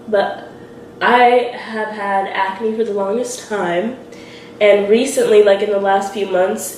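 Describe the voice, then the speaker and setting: A young woman in her twenties telling a story while doing her makeup, animated and giggly, acting out what people said. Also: medium pitch. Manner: animated, quotes people in lively voices, giggly. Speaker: beauty vlogger. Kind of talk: chatty get-ready-with-me storytelling. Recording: roomy echo with faint hiss.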